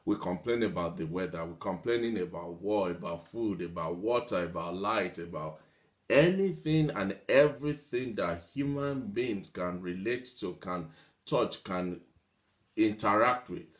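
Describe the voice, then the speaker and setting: A man's voice: low voice, measured pace. Man giving a motivational talk, repeating lists. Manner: repetitive, builds long lists of examples; mimics complainers in a whiny voice. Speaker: motivational speaker.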